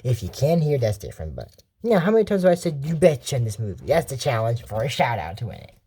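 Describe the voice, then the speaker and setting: A woman rambles through casual commentary on a cartoon episode, wandering off on tangents. She often stops and corrects herself mid-sentence. Her voice sits low but rises and falls in lively swings. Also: fast talker, husky. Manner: rambling, digressive, self-correcting. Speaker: channel host reviewing a cartoon.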